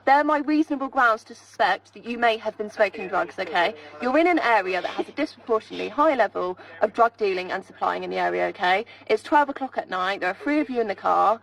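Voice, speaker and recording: A woman's voice: mid-range voice, lively intonation, fast, creaky, hardly any pauses, fairly bright tone, rough recording. A woman police officer speaking firmly and procedurally to a driver at a roadside stop at night. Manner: firm, procedural, keeps saying "okay?". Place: street beside a car at night.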